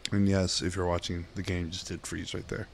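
A man's voice: deep voice, level tone, a little fast, creaky, slight background noise. A young man giving casual gameplay commentary, giggling and swearing at himself. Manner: giggly, self-mocking, swears often. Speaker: gaming YouTuber.

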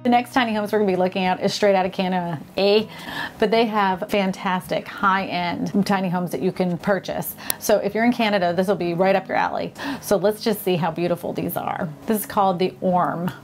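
A woman's voice: medium pitch, fairly even intonation, brisk, few pauses, soft background music. A woman hosting a casual vlog, touring homes with gushing, enthusiastic commentary and frequent exclamations. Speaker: vlog host. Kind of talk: casual home tour commentary.

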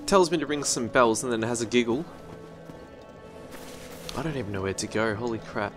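A man giving excitable gameplay commentary, yelping and swearing as he plays. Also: medium pitch, a little fast, music in the background. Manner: excitable, yelps and swears at the game. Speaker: let's-play gamer.

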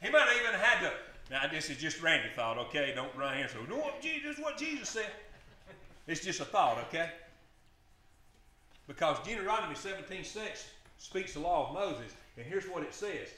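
A man's voice: on the high side, lively intonation, a little fast, sharp tone. A man preaching a sermon, impassioned and emphatic, firing off rhetorical questions to his congregation. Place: church sanctuary. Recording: echoey church sanctuary.

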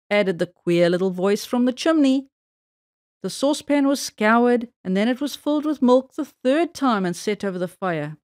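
A woman reading a children's fairy tale aloud in a gentle, measured way. Her voice sits on the higher side. It is recorded close and dry, with no echo. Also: lively intonation. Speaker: storyteller. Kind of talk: children's read-aloud story.

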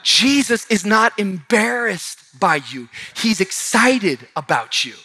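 A male pastor with a high, bright, forceful voice delivers a sermon in a church. He swings between shouting and near-whispered lines. His pace is quick and conversational. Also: big pitch swings, breathy edge. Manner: passionate, swings from shouting to hushed. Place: large church auditorium.

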